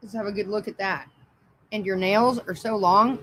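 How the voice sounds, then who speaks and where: A woman's voice: mid-range voice, lively intonation, normal speed, fairly bright tone, a little hiss or hum, poor audio. Profane, mocking woman streamer. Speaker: livestream host. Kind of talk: casual livestream rant.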